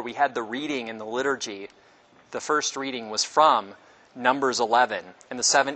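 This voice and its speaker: A man teaching a Bible class in a conversational way, asking the class questions and acting out quotes. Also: sharp tone. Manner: conversational, asks the class questions, acts out quotes with pitch jumps. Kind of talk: casual Bible class lecture.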